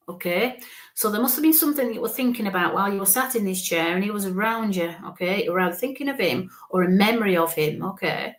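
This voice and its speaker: A woman with a lilt gives a live psychic reading in a soft, reassuring manner. She keeps checking in with a gentle "okay?" as she passes on messages. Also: mid-range voice. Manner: gentle, reassuring, often ends phrases with "okay?". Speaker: psychic medium.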